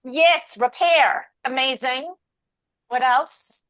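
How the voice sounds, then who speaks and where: A woman's voice: high-pitched, takes it slowly, fairly bright tone, rough recording. A woman in her forties teaching an interactive class, upbeat and encouraging, calling on participants by name.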